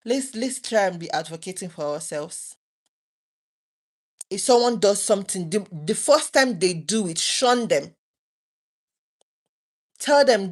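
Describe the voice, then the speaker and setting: A woman's voice: medium pitch, animated, a little slow, pauses often. A woman in her thirties, talking earnestly and emotionally to her viewers late at night, often restarting her sentences. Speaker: vlogger.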